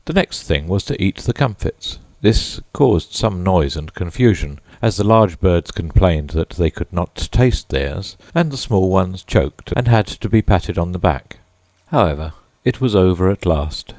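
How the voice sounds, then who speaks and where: A man narrating a children's audiobook in an expressive, measured storytelling manner. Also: low voice, dry recording.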